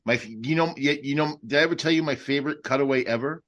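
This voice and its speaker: A man co-hosting a podcast, animated and talking over others with quick repeats. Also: mid-range voice, dull audio. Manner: animated, jumps in and repeats lines. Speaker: podcast co-host. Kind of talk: casual chat.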